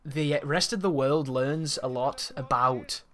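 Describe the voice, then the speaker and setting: A man's voice: mid-range voice, slow pace, a bit bright. A man giving casual, rambling, opinionated commentary over a video game, swearing freely as he talks. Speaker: gameplay commentator.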